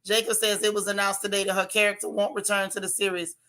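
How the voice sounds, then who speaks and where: A woman's voice: mid-range voice, level tone, fast talker, bright, forceful tone. A woman with a Florida accent hosting a casual livestream, reading viewer comments and repeating her points with emphasis.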